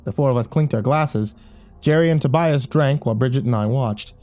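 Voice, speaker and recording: A man's voice: mid-range voice, brisk, mellow, soft background music. A man narrating a first-person horror story in a wry, dry audiobook style.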